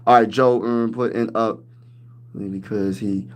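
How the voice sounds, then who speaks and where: A man hosting a casual sports livestream, hyping his team with loud trash talk and reading viewers' comments aloud. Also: on the low side, steady tone, measured pace. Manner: hyped trash talk, reads chat aloud. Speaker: livestream host.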